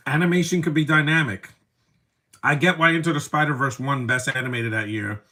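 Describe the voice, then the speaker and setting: A man's voice: a little high, fairly quick, sharp tone. A man giving casual live commentary over a movie, rambling from one opinionated aside to the next.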